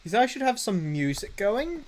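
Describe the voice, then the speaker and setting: A man chatting casually on a live game stream, halting and self-mocking while he fumbles with his setup. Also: high-pitched, sing-song, poor audio. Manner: halting, fumbling through tech setup with many restarts.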